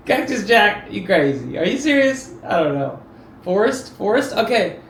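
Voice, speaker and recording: A man chats casually on a live stream, his voice sitting fairly high. He tells stories with bursts of loud exclamation. The room sounds roomy. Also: moderate pace, gravelly. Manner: animated storyteller with sudden loud exclamations. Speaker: streamer reacting to videos. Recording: roomy sound with faint background noise.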